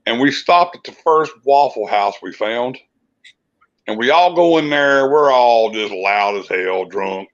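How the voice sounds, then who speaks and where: A man's voice: mid-range voice, fairly bright tone, muffled recording. A man telling rambling, profane stories in a casual chat. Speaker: podcast co-host, musician.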